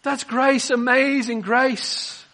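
High, bright-voiced male preacher. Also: fairly even intonation, slow pace. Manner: dramatic swings between soft and emphatic delivery. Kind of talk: sermon.

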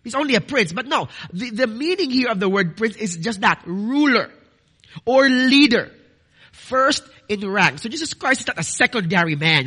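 A man's voice: high voice, sharp tone, breathy edge. A man preaching a sermon, earnest and building to emphatic declarations, addressing listeners as dearly beloved.

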